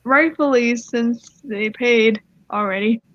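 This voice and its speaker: High-pitched girl reading reddit stories out loud, trips over words, kinda muffled dry mic. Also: dry recording. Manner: halting, stumbles over words and giggles. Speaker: storyteller reading Reddit posts. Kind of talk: casual story reading. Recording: slightly muffled, dry sound.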